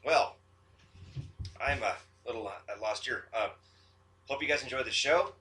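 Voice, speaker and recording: A man's voice: medium pitch, measured pace, sharp tone, recorded from a distance. A man co-hosting a casual podcast in a home kitchen, laughing and cracking jokes. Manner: laughing, wisecracking. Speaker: guest co-host.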